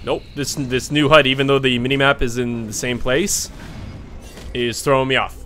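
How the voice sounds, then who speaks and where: A young man hosting casual gameplay commentary, excitable, swearing and laughing often. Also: medium pitch, moderate pace, faint music behind. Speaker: gaming channel host.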